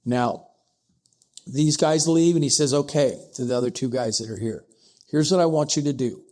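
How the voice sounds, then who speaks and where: A man narrating a frontier tale for a podcast in a voice of middle pitch. He acts out each exchange, jumping up high for the surprised lines and dropping low for the curt replies. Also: moderate pace, a little mellow. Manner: acts out dialogue with pitch jumps, asides like "I'm paraphrasing". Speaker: podcast guest, distillery co-founder. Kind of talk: animated historical storytelling.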